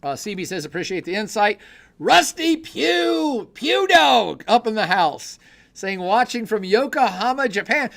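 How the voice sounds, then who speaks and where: A middle-aged man hosting a casual podcast livestream, reading viewer comments and joking, swinging between loud excitement and low mutters. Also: measured pace, creaky. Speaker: podcast host reading live chat.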